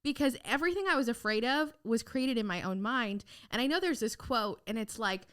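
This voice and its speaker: A woman's voice: a little high, brisk, smooth. A young adult woman, a podcast guest, chatting frankly in a casual interview, telling stories and acting out what people said, with the odd casual swear word. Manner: animated storyteller who acts out quoted lines.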